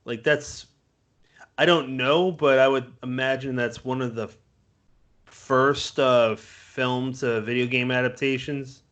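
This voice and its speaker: A man's voice: mid-range voice, fairly even intonation, takes it slowly, a bit bright. A man in his thirties from Massachusetts, hosting a podcast and asking loose, rambling questions with self-corrections. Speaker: podcast host. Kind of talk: casual interview chat.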